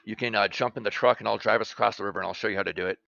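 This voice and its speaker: A man's voice: on the low side, fairly even intonation, very fast, gravelly, sharp tone, no echo, dull audio. A man briefing his team over voice chat, direct and businesslike. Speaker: clan leader briefing a match. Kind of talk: casual voice chat.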